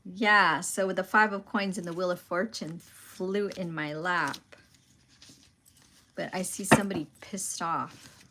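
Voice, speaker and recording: A woman giving a tarot reading, musing aloud in a slow, pausing way about what she senses. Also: on the low side, steady tone, background noise. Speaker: tarot reader.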